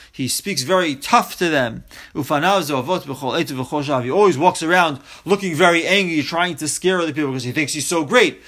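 A man's voice: fairly high pitch, fairly bright tone. A man teaching a Torah text study class, reading Hebrew phrases aloud and then explaining each one in English.

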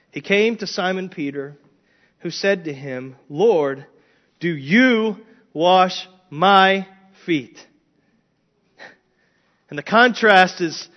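Male pastor, verse-by-verse sermon, emphatic delivery, muffled recording. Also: high voice. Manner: animated, emphatic preaching with frequent restarts. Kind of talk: expository sermon.

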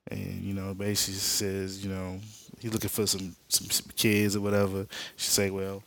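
A man with a low, gravelly voice walks through a comic book plot in an offhand, slangy way. He drops in spoken sound effects as he goes. The talk stays loose and conversational, like a podcast recap. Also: monotone, normal speed, fairly bright tone. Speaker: podcast host.

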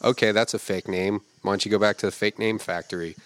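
A man hosting a comedy podcast, roasting names from film credits with crude, profane insults. He reads each name slowly, then fires off the joke quickly. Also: lowish voice, fairly even intonation. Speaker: podcast host.

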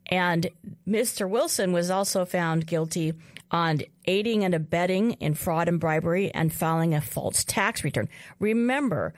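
Lower-voiced woman recounting a case. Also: lively intonation, normal speed, dry recording, studio quality. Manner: recounts events with fillers and restarts, asks questions. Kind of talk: casual discussion.

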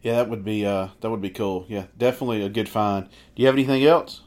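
A man with a fairly low voice co-hosts a casual music podcast. He talks in a relaxed way, with many fillers and pauses. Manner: relaxed, filler-heavy sign-off talk. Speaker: podcast co-host.

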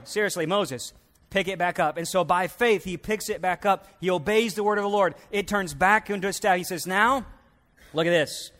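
A man's voice: high voice, moderate pace, a bit bright, long reverb tail. A man preaching a sermon as a pastor, telling stories and acting out the voices in them.

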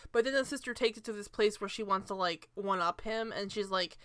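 A woman's voice: mid-range voice, fairly quick, no echo. A young woman co-hosting a podcast, chatting casually and animatedly about a sitcom, often laughing and going off on tangents. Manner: animated, laughing, rambling with digressions. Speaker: podcast co-host. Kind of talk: casual chat recapping a sitcom.

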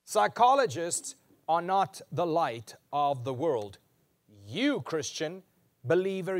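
A man's voice: on the high side, big pitch swings. Emphatic man preaching a sermon. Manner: emphatic preaching, slowing and repeating key lines. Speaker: pastor.

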